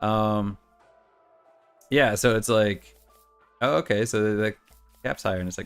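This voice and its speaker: A man's voice: fairly low pitch, steady tone, moderate pace, vocal fry, pauses often, clear, resonant tone, soft background music. A middle-aged man hosting a gaming channel, chatting casually and rambling through stories with quoted voices while he plays. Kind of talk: casual chat while playing.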